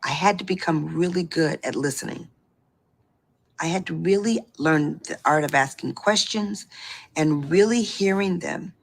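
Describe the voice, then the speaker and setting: A woman telling her own story as a beauty consultant in an animated, personal testimonial, breaking into excited outbursts. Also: deep voice, measured pace, vocal fry. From Boston area.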